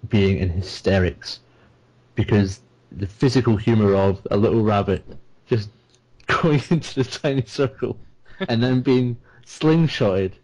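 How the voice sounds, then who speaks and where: A man's voice: medium pitch, darkish tone, low-quality recording. A man co-hosting a podcast, chatting casually and laughing as he retells scenes. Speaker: podcast co-host. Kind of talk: casual chat.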